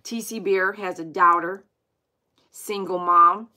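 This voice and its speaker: Bright-voiced chatty woman. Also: on the low side, slow. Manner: chatty, animated, exclaims and reads comments aloud. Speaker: dog groomer hosting a livestream. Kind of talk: casual livestream chat with viewers.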